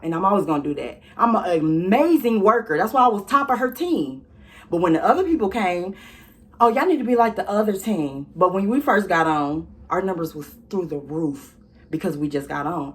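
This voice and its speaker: A young woman vlogging, telling a storytime straight to her viewers in a sassy, animated way. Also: mid-range voice. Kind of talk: casual storytime chat.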